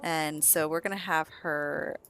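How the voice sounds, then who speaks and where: A woman's voice: deep voice, steady tone, a little slow, a bit bright. A woman casually narrating a life-sim game, chatty with amused asides to the characters on screen. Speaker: gameplay narrator. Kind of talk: casual let's-play narration.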